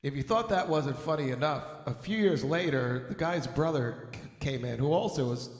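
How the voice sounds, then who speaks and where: A man's voice: fairly high pitch, normal speed. A man hosting an online music show, telling a long joke in a rambling way, with many fillers, and laughing at his own punchlines. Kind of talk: casual joke-telling and chat. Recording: roomy echo with long reverb, faint music.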